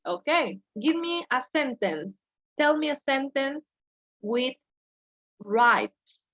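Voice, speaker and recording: Slow, patient woman teacher. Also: sits high, big pitch swings, fairly bright tone, muffled recording. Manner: patient, slow, correcting students step by step. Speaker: English teacher. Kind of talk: online class teaching. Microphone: video call.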